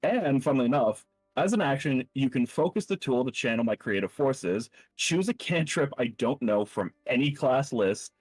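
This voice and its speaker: A man's voice: medium pitch, animated, normal speed, no echo, soft background music, rough recording. An easygoing man chatting as a player at a tabletop game, explaining his character's rules. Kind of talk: casual chat at a tabletop game.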